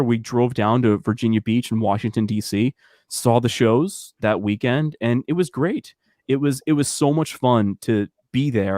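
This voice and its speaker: A man's voice: mid-range voice, a little mellow, no room sound, studio quality. A man on a video call, chatting casually and telling fan stories with many restarts. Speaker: guest. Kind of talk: casual chat.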